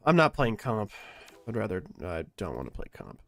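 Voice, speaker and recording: A man's voice: medium pitch, very animated, normal speed. A man streaming a video game, chatting casually with a rambling, self-deprecating manner. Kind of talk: casual live-stream chat while gaming.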